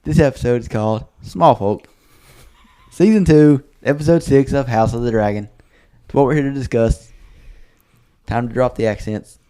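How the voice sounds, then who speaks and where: A man's voice: medium pitch, normal speed, mellow, clear, resonant tone. A man hosting a casual podcast chat, laid-back and rambling with restarts. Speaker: podcast host.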